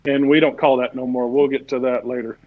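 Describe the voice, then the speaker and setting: Speaking briskly in a mid-range voice that barely moves in pitch, this barbecue class teacher and guest wanders through a long, folksy story in casual conversation. His talk is packed with "uh" fillers, and the lo-fi stream audio sounds dull.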